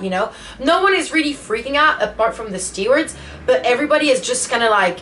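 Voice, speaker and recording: A woman's voice: fairly high pitch, animated, quick pace, bright, forceful tone, a little hiss or hum. A woman vlogger telling a personal story in a casual storytime vlog, emotional and full of fillers. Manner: emotional retelling, many fillers.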